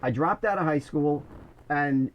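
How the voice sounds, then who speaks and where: Brief: middle-aged New man, fairly high voice, animated storyteller who restarts often. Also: measured pace, dull audio. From Bronx, New York. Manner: animated, many restarts, "I says". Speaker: guest, former corrections officer. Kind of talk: casual storytelling.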